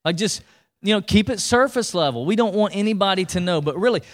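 Man, pastor, sermon, animated conversational preaching, somewhat high voice. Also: fairly quick. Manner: animated, conversational preaching with repetitions and asides to the congregation.

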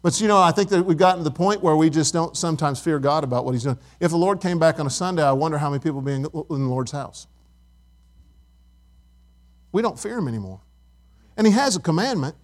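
Pastor, middle-aged man with a high voice, conversational preaching that questions the congregation. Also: expressive, fast talker. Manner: conversational, asks the congregation questions, tells stories. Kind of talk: sermon.

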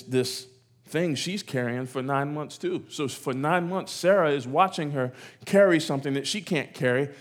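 A man preaching a sermon to a congregation in a church, repeating phrases and acting out voices as he goes. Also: on the high side. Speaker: pastor.

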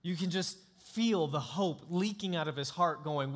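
A male pastor preaching a sermon in an emphatic, dramatic way, swinging between hushed and loud. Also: a little high, unhurried.

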